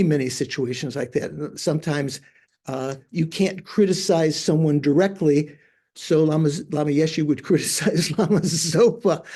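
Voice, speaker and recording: Older male monk teacher, unhurried anecdotes, warm low-brightness tone, often gropes for words. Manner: hesitant, searching for words with many fillers.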